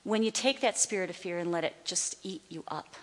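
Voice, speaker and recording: A woman Bible teacher teaching from a stage, emphatic, slowing down to declare scripture. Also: lowish voice. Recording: long hall reverb.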